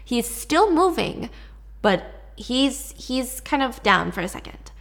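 A woman hosting a podcast, retelling a story in an animated, casual way. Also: on the high side, slow pace, creaky. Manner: chatty, animated, swearing. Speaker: podcast host.

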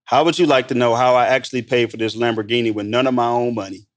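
A man with a mid-range voice chats as a podcast guest. His delivery is casual and animated, full of "bro" and "man" as he explains money ideas. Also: mid-range voice, fast. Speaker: guest, entrepreneur. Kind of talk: casual conversational storytelling.

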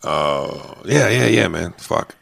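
A man's voice: deep voice, lively intonation, takes it slowly, gravelly, fairly bright tone, no echo. A male comedian hosting a podcast, chatting casually in a rambling, profane way with many restarts.

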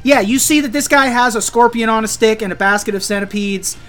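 A game master narrating a tabletop game in a relaxed, chatty way with frequent fillers. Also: mid-range voice, fairly quick, faint music behind.

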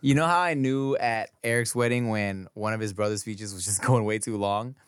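A man co-hosting a podcast, chatting casually and swearing in a relaxed way. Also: on the low side, moderate pace, clean tone, dry recording, studio quality. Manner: laid-back, swears casually, lots of listening backchannel. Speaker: podcast co-host. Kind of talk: casual chat.

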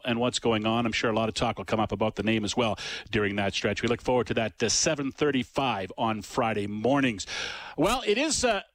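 A man's voice: medium pitch, fairly bright tone, no echo. A man hosting a sports talk radio show, talking casually and stumbling through fillers and restarts.

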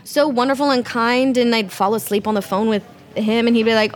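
A woman's voice: fairly high pitch, brisk. A young woman, a dinner guest, chatting casually and acting out what people said as she tells a story. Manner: animated storyteller who acts out what others said. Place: restaurant.

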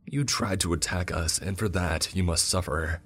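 A man's voice: sits low, moderate pace, a bit bright, slightly rough, full character voice. A man voicing a snarling female demon. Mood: menacing. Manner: snarling, menacing.

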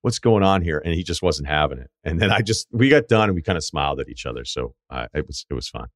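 Deep-voiced emphatic male podcast host. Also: lively intonation, a bit bright, no echo, clean studio sound. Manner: emphatic storytelling, quick asides, frequent laughs. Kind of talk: casual chat.

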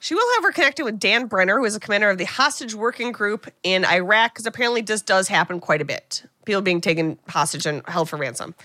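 A woman's voice: mid-range voice, lively intonation, fast talker, hardly any pauses, sharp tone, no room sound, clean studio sound. A woman co-hosting a comedy podcast, casually recapping a movie and acting out the characters' lines. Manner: chatty, retells scenes with voiced quotes. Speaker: podcast co-host.

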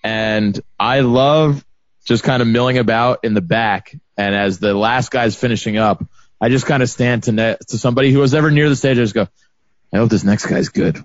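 A man's voice: medium pitch, fairly even intonation, dry recording. A man, a comedian hosting a podcast, chatting easily over a video call and laughing along with his guest. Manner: easygoing, laughs along, quick agreeing asides. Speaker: stand-up comedian, podcast host. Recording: dry, lo-fi call audio.

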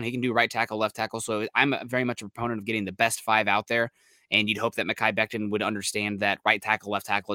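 Bright, upbeat man hosting a sports podcast. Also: lowish voice, no room sound, clean studio sound. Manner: rambling, upbeat, filler-heavy. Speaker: podcast co-host. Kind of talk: casual sports podcast chat.

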